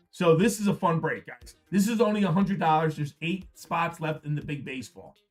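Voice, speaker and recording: A man hosting a live card-break stream, repeating prices and hyping the product in an upbeat sales pitch. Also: moderate pace, faint music behind. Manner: upbeat, repetitive hype.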